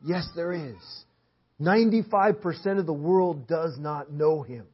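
A man's voice: on the high side, unhurried, husky. A man preaching a sermon in a church hall, driving his points home with emphatic, repeated phrases. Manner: emphatic, repetitive preaching cadence. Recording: dull lo-fi sermon audio.

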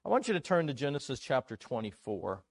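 A man delivers a conference sermon with a lively, swinging voice that climbs when he presses a point. He talks to the congregation in a casual, joking way. The recording is dry and close. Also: medium pitch, fast talker, gravelly, dry recording. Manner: animated, conversational, jokes with the audience. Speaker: preacher.

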